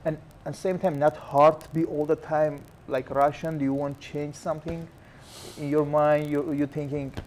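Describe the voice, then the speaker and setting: A man hosting a talk show, asking questions in halting, non-native English. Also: a little high, level tone, a little mellow, a little hiss or hum. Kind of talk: casual interview.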